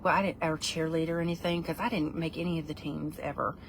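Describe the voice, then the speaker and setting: A woman's voice: low voice, steady tone, fast, creaky, a little hiss or hum. A middle-aged woman, chatting in a playful, rambling vlog while reviewing food. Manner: playful, rambling, breaks into put-on voices.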